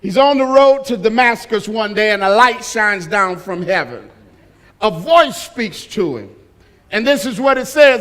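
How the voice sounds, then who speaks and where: High-voiced, emphatic man preaching. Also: lively intonation, measured pace. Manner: emphatic, call-and-response, bursts into shouting. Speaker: pastor. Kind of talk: sermon.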